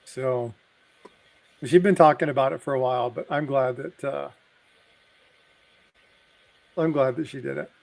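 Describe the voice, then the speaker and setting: A man's voice: medium pitch, a little slow, gravelly, long pauses. A middle-aged man on a casual live stream, telling jokes and family stories, acting out the voices as he goes. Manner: animated, acts out voices in his stories.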